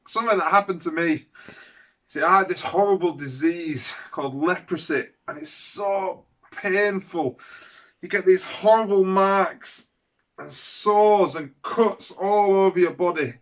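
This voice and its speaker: A man's voice: high voice, a bit bright. A man playing a mournful leper outcast. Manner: mournful, sighing, slow and heartfelt. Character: man with leprosy, outcast, telling his healing. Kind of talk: dramatic monologue for children.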